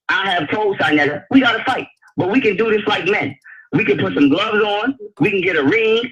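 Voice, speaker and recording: A man's voice: sits high, highs cut off. A man in a heated live-chat argument, blunt and confrontational, cursing freely.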